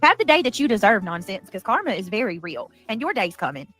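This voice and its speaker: A woman's voice: mid-range voice, sing-song, fast talker, a bit bright, soft background music. A woman on a livestream, ranting angrily and profanely at her critics. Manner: profane, heated, rambling. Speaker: livestreamer in a played clip. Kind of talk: angry livestream rant.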